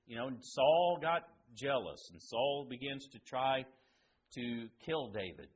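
A man preaching a sermon, asking his listeners questions and swinging between loud emphasis and quiet, hushed lines. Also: medium pitch, very animated, measured pace, muffled recording, slight background noise.

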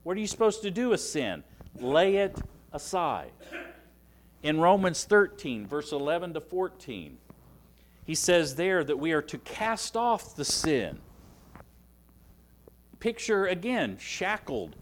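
A man with a Southern US accent preaching a sermon, stressing key words by rising, dropping and slowing down. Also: high-pitched, big pitch swings. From Alabama, US. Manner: emphatic, rises and drops for stress, slows on key words.

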